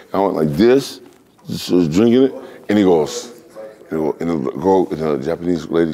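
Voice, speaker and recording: A man in his forties from the United States tells a casual anecdote as an interview guest. His voice sits very low, with a mellow, relaxed tone. He keeps the telling animated and slips into exaggerated voices for the other people in the story. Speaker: interview guest, former fighter.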